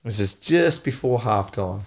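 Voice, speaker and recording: An Australian man and former footballer, hosting a casual chat and telling an animated story with frequent laughs. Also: on the low side, a little slow, creaky. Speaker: podcast host, former footballer.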